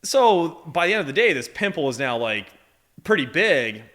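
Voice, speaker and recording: A man's voice: on the high side, moderate pace. A man in his twenties from Massachusetts, a podcast guest telling stories casually, full of "like" fillers and acted-out quotes. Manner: animated, heavy "like" fillers, acts out voices in his stories. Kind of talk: casual storytelling.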